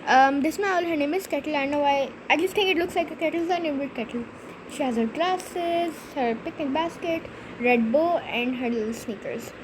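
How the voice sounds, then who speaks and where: A woman's voice: high voice, background noise. A young woman hosting a gaming channel, rambling through a story with lots of fillers as she plays. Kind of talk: casual gameplay commentary.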